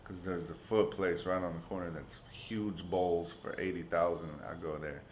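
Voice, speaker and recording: A man from San Francisco hosting a casual podcast chat, easygoing and profane, often answering with a quick "yeah". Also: low-pitched, steady tone, a little hiss or hum. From United States, San Francisco. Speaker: podcast host.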